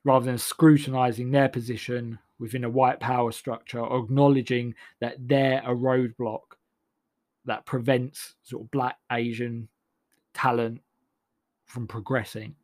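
A man's voice: mid-range voice, flat delivery, a little slow, darkish tone. Sardonic rambling man. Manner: sardonic, rambling, many restarts. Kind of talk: comic monologue.

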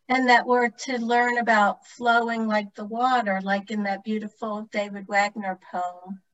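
A soft-spoken woman priest, sharing reflections hesitantly in a video call discussion. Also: mid-range voice, muffled recording.

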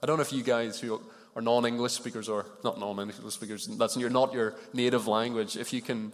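A man's voice: mid-range voice, steady tone, fairly quick. A man preaching a sermon in a conversational way, putting questions to the congregation. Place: church hall with congregation. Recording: long reverb of a large hall.

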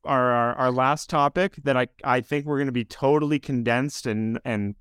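A man's voice: mid-range voice, steady tone, normal speed, a bit bright, clean tone, no echo, studio quality. A man hosting a casual podcast chat, rambling and self-interrupting, laughing often as he loses his train of thought. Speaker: podcast host. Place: on camera on a video podcast.

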